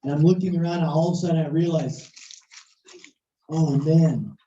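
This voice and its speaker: A preacher telling a story in a sermon, animated and at times shouting, recorded in a church hall. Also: medium pitch, rapid-fire. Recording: echoey, distant, muffled hall recording.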